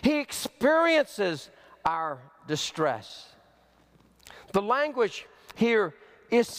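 A man preaching a sermon as pastor, slow and emphatic, with big swings in pitch. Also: animated, clean tone. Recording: long hall reverb.

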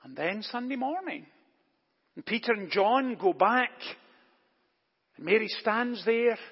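A man preaching a sermon as pastor in a church, deliberate and emphatic, posing rhetorical questions. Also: sits high, expressive, breathy edge. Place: church during service. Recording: echoey church, long reverb, dull lo-fi.

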